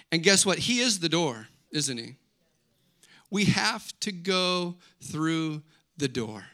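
A man delivers a church sermon in a high voice, mixing joking asides with scripture. His tone is bright and ringing, and he swings between playful storytelling and emphatic preaching. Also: sing-song, slow. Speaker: pastor.

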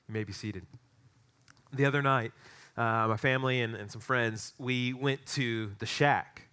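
A middle-aged pastor delivers a sermon, moving from prayer into a playful anecdote. His voice is bright and forward. His energy climbs into excited peaks as the story builds. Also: mid-range voice, measured pace, clear, resonant tone.

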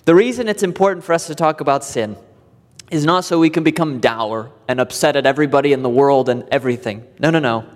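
A man preaching a sermon to his church, emphatic and deliberate, repeating key words for weight. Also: mid-range voice, long reverb tail. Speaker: pastor. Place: church sanctuary.

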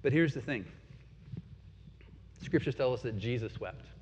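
A man's voice: mid-range voice, expressive, unhurried, darkish tone, a little hiss or hum. A man in his forties preaching a sermon as pastor, earnest, swelling and dropping in force. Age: 40s. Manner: earnest, rising and falling in force. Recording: dull sound with long hall reverb.

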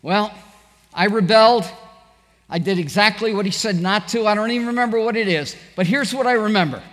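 A man's voice: high-pitched, a little fast, fairly bright tone, long reverb tail. A middle-aged man preaching a sermon, telling stories animatedly and acting out the quoted voices. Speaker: pastor.

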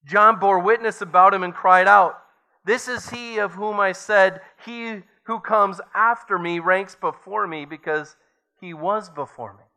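Male pastor preaching, slow delivery, bright forceful tone. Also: high-pitched, steady tone. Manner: preaching with rising emphasis, reading scripture aloud. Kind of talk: sermon.

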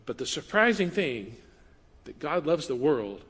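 A man preaches in an easy, conversational way, slipping into playful asides and quoted voices. His voice sits high and bright, and it carries the long reverb of a large hall. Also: big pitch swings, measured pace, slightly rough. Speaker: pastor. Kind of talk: sermon.

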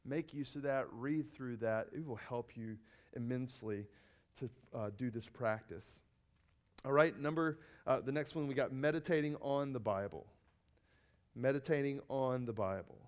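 A man giving an earnest sermon-style teaching, often repeating key phrases and pausing with ums and uhs. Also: mid-range voice, clean tone.

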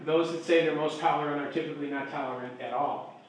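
A man's voice: fairly high pitch, fairly even intonation, quick pace. A man teaching a Bible class as pastor, chatty, checking in with the group for agreement as he goes. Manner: chatty, asks the room for agreement. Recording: echoey room.

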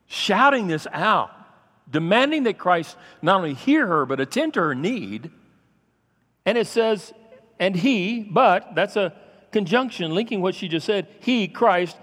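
Man preaching in a reverberant hall. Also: high-pitched. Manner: preaching with sudden loud raised passages and quiet asides. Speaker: pastor. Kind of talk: sermon.

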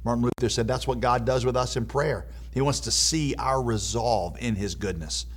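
Husky-voiced earnest preacher. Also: male voice, mid-range voice, normal speed. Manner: earnest, hesitant with repeated words. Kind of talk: sermon.

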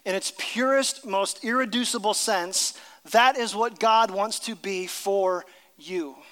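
A pastor preaching a sermon, telling a story and dropping to a hushed voice at tender moments. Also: male voice, high-pitched, slow, in a large hall.

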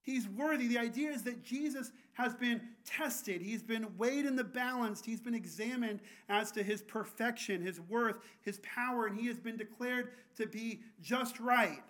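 A man's voice: very high voice, normal speed, few pauses, fairly bright tone. A man delivers a sermon from the pulpit. He speaks earnestly, often doubling back on a word before pressing on. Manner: earnest, frequent restarts and repeated words. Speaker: pastor.

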